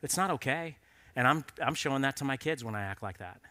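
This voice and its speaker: A man's voice: mid-range voice, animated, fast, pushed and bright. A man preaching a sermon in an earnest, conversational storytelling way, appealing directly to men in the audience.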